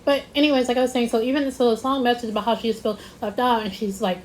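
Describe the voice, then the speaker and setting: A woman's voice: a little high, steady tone, fast talker, a little hiss or hum, low-quality recording. A young woman vlogger telling a casual storytime, rambling with lots of "like" and stressing her points. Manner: rambling, repeats herself, lots of "like".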